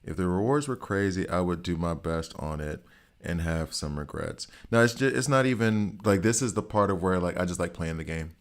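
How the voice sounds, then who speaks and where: Here a middle-aged gaming streamer talks to viewers while playing, reacting to the game and teasing his chat in a chatty, casual way. He speaks at a moderate pace in a deep voice.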